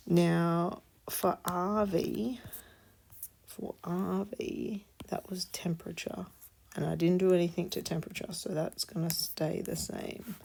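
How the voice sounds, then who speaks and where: A woman's voice: fairly low pitch, vocal fry, a little mellow, slight background noise. A woman teaching a maths lesson, explaining patiently and dropping to a murmur when she reads out numbers. She sounds tired. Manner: slow, patient explaining, drops to murmurs while reading numbers. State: tired, yawning. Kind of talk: worked-example maths lesson.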